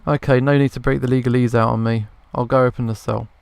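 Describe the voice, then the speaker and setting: A man's voice: medium pitch, level tone, fast talker, gravelly, clean tone, no room sound, natural voice. A man voicing an impatient male prison guard who speaks curtly and dismissively. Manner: curt and dismissive.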